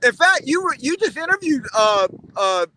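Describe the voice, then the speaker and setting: Male panelist, very high and bright voice, eager rambling storyteller. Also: sing-song, moderate pace, poor audio. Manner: enthusiastic storyteller with many fillers. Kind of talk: casual roundtable chat.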